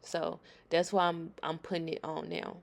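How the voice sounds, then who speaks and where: Woman, gravelly voice, chatty nail tutorial voice-over, talks straight to viewers. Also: low-pitched, flat delivery, normal speed. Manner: chatty, emphatic, addresses viewers directly.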